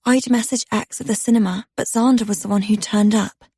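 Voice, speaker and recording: A woman narrating a dark romance audiobook in the first person, telling it with intimate tension. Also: mid-range voice, steady tone, brisk, slightly rough, no echo, studio quality.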